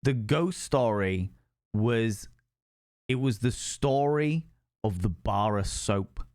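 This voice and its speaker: A man's voice: lowish voice, lively intonation, slow pace, darkish tone, no echo, clean studio sound. A man telling a ghost story on a live stream, sweary and rambling.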